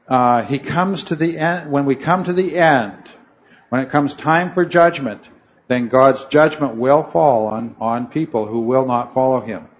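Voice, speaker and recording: A man's voice: on the high side, muffled recording. Man teaching a Bible class, rambling. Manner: rambling, self-correcting, asks the class questions. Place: room with a noisy fan.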